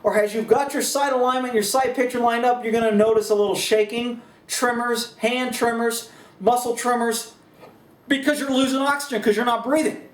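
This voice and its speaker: A man's voice: extremely high pitch, fairly even intonation, moderate pace, echoey room, far from the mic. A man with an American accent gives a casual, rambling firearms lesson indoors, with folksy asides and laughs. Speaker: firearms instructor. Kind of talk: casual instructional talk. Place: indoors, shooting range building.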